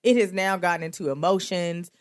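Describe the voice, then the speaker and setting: A woman's voice: brisk, no echo, clean studio sound. A young adult woman hosting a podcast, candidly telling a story in casual speech and acting out the quoted lines. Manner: animated, acts out quoted dialogue with big pitch jumps. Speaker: podcast host.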